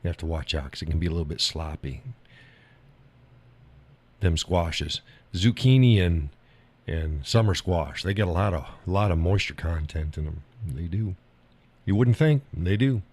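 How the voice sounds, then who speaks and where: A man's voice: low-pitched, animated, normal speed, long pauses, a little mellow, slightly rough. A man hosting a live stream, chatting casually with viewers in a folksy, drawling way and laughing often.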